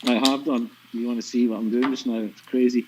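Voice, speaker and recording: A man's voice: medium pitch, fairly even intonation, a little fast, slight background noise. A man with a Scottish accent commentating on a pool match, dry and teasing as he explains shots. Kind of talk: live sports commentary with banter. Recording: lo-fi stream audio.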